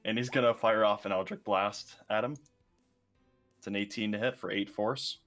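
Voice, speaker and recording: A man playing in a tabletop game, narrating his character's moves with giggly, animated delivery. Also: on the low side, normal speed, faint music behind. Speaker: player. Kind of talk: casual tabletop play.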